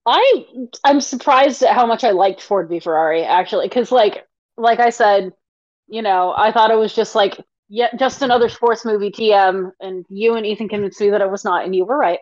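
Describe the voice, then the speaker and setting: A woman's voice: mid-range voice, moderate pace, darkish tone, no room sound, lo-fi sound. A woman co-hosting a podcast in casual chat, talking freely and leaning on "like" as she thinks aloud. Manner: chatty, leans on "like" as a filler. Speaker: podcast co-host.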